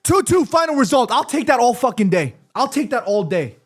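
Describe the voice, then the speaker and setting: Heated high-voiced ranting football fan. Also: male voice, very animated, fairly quick, breathy edge. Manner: heated, ranting, profane, addresses chat directly. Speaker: football watchalong streamer. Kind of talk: live fan reaction stream.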